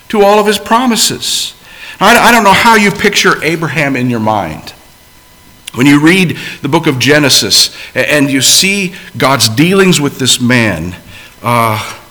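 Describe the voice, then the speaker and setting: A man preaching a sermon, swinging between loud emphasis and hushed, quiet asides. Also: medium pitch.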